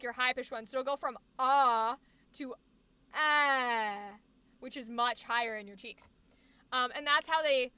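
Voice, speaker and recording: A woman chats casually on a livestream and explains how singers handle vowels. She sings short vowel sounds as examples. Her voice is high and bright. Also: no echo. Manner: explains singing technique chattily, demonstrating vowel sounds; many fillers and restarts, reads chat aloud. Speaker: streamer.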